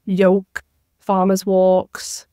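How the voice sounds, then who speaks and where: A woman's voice: mid-range voice, completely flat delivery, extremely slow, mellow, clean tone, dry recording, clean studio sound. Chatty young woman telling stories. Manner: chatty storyteller, acts out quoted exchanges. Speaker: podcast guest. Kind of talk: casual podcast conversation.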